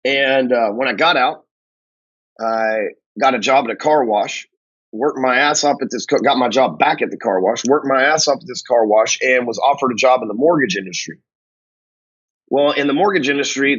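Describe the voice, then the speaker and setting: A man's voice: mid-range voice, fairly bright tone, slightly rough, dull audio. Blunt, foul-mouthed man. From North Texas. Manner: blunt, angry, swears constantly. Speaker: sales coach telling his story. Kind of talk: profane casual monologue.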